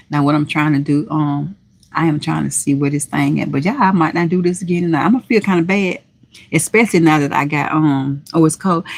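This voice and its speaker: Low husky-voiced woman host chatting folksily. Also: no echo. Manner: folksy and chatty, reading viewer comments aloud with drawn-out endearments; animated, with sudden high exclamations. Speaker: livestream host. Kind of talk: casual livestream chat.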